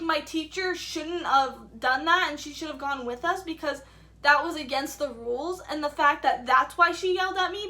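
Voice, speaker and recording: Young woman doing a storytime vlog, high bright voice, lots of "like", kinda indignant. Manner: chatty, frequent "like" fillers; indignant retelling. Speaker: vlogger. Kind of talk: casual storytime.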